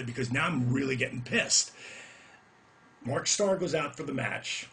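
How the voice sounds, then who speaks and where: A gravelly middle-aged man telling his old wrestling stories in a loose, rambling rant. He swears freely and raises his voice when a moment excites him. His pitch sits in an ordinary middle range. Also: moderate pace. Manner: animated, profane storyteller who gets loud reliving moments. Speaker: retired pro wrestler. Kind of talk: casual storytelling rant.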